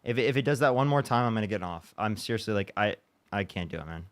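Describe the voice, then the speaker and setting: Streamer host, male, rapid frustrated chatter, swears and restarts a lot. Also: lowish voice, animated. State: upset after a bad day. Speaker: livestream debate host. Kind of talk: casual livestream chat.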